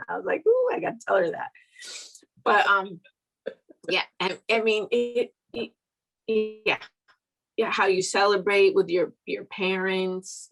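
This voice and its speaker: Fighting back tears, a woman in a group video chat rambles emotionally while praising and encouraging a friend. She has a mid-range, fairly bright voice, captured in a rough recording.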